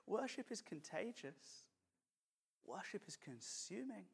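Man, pastor, sermon, humorous, conversational, slightly high voice. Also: sing-song, takes it slowly, gravelly, husky. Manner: humorous, conversational preaching with jokes and acted quotes.

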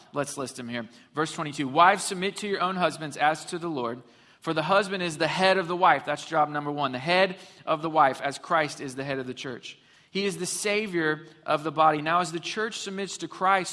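Male pastor, bright forceful voice, humorous and emphatic sermon, echoing church hall. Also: on the high side. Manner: humorous storytelling, emphatic preaching. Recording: long hall reverb.

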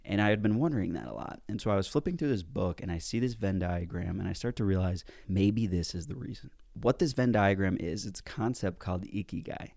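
A man telling a personal story in a casual, animated way, with some mild swearing, as a self-help speaker. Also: low-pitched, a little fast, vocal fry, hardly any pauses, no room sound, clean studio sound. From United States.

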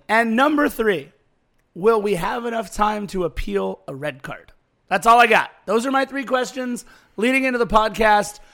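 A man co-hosting a sports podcast, hoarse from the night, hyped and jokey with quick asides. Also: sits high, expressive, a bit bright. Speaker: podcast co-host. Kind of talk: casual sports podcast chat.

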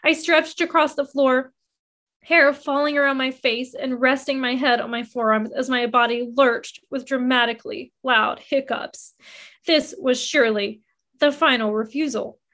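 A woman narrating a first-person memoir in an expressive reading that rises with emotion. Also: sits high, unhurried.

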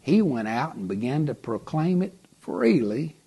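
Slow husky-voiced preacher man. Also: medium pitch, very animated, warm tone. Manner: slow, dramatic, dropping to a whisper for emphasis. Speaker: pastor. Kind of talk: sermon.

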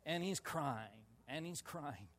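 A male pastor telling a personal story in a sermon, animated and laughing, with sudden loud shouts. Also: a little high, slow pace. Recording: long reverb of a large hall.

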